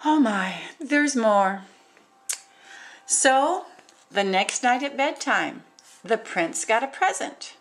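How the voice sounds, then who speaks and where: A woman reading a rhyming picture book aloud in a sing-song, animated way, adding exclaimed asides between verses. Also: a little high, takes it slowly, pauses often. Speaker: storybook reader.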